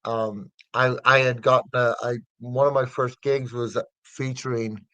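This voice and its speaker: A man's voice: medium pitch, level tone, a little slow, bright, forceful tone, no room sound. A middle-aged man with a Northern Irish accent, a comedian chatting casually as an interview guest, rambling with many fillers and restarts. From north of Ireland.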